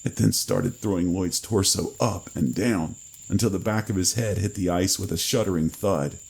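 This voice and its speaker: A man reading a horror story in a measured, grave manner with dramatic pauses. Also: deep voice, vocal fry, darkish tone, husky, rough recording. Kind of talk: scripted horror narration.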